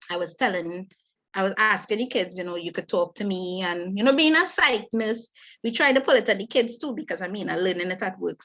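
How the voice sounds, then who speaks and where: A middle-aged Trinidadian woman leads a parenting webinar over a video call, talking fast and conversationally. Her voice sits at a middling pitch. The audio is dull and lo-fi. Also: fairly bright tone. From Trinidad and Tobago. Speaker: webinar facilitator.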